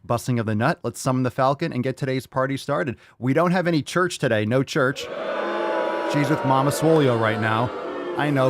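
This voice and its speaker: A man hosting a casual podcast, joking crudely and talking with hype. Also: mid-range voice. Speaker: podcast host.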